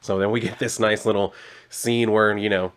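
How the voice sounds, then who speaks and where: Man, lowish voice, casual comic recap, rambling, filler-heavy, swears offhand. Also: little pitch movement, moderate pace, a bit bright, smooth. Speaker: comic book reviewer.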